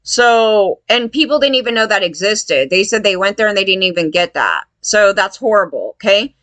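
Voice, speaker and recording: A woman's voice: medium pitch, lively intonation, normal speed, a bit bright, no room sound. A woman angrily recounting how she was turned away after the fires, swearing often and acting out what officials told her. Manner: profane, heated, acts out others' lines. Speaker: fire survivor telling her story. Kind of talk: angry personal rant.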